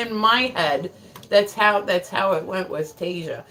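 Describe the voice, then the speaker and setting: A woman's voice: medium pitch, a little slow, bright, forceful tone, rough recording. A woman livestreamer talks loosely and casually with her chat. She swears freely and laughs often as she tells her stories, breaking off to read viewer comments aloud. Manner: profane, rambling storyteller; laughs often mid-sentence.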